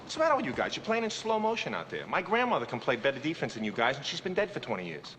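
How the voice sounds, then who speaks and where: An actor playing a gruff, sarcastic basketball coach who barks at his players with exasperation. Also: medium pitch, wildly swooping pitch, very fast, fairly bright tone, a little hiss or hum. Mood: scolding. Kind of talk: TV drama acting. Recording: old TV audio with hall reverb.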